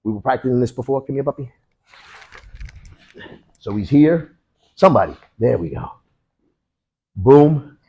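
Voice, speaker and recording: A husky-voiced man leads a hands-on martial arts lesson at a training camp. He talks his students through each move in short, punchy bursts and adds sound effects as he goes. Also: mid-range voice, expressive, a little slow, long pauses, mellow, dull audio. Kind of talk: hands-on technique demonstration.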